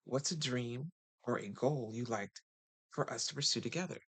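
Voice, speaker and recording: A man's voice: normal speed, a bit bright, breathy edge, no echo. A man talking casually to viewers as a relationship coach, chatty and full of rhetorical questions. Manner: chatty, rhetorical questions, sudden pitch jumps.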